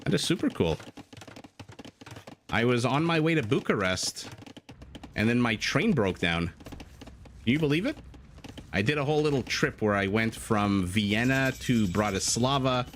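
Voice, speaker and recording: Speaking at medium pitch with lively intonation, a man from Canada casts a live strategy game, going a little slowly and pausing often. Between plays he chats, jokes and reads his viewers' messages aloud as live esports commentary. Slight background noise sits under the recording.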